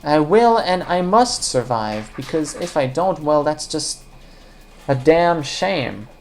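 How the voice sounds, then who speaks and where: A woman's voice: low-pitched, lively intonation, slow, a little mellow, a little hiss or hum. A woman casually commenting on a puzzle game as she plays, rambling and joking, talking to the viewers and the game characters. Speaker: let's play commentator.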